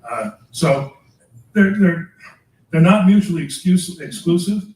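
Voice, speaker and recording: An older man, a priest, lecturing teachers in a chatty way, chuckling often and tagging his points with quick questions to the room. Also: high voice, animated, a little mellow. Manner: chatty, chuckling, tags remarks with "all right?". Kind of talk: lecture with personal anecdotes. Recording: echoey room, mic far off.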